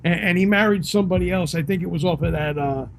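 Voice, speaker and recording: A man's voice: high voice, quick pace, creaky. A man co-hosting a podcast, chatting casually about rock music in a laid-back, agreeable way. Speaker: podcast co-host.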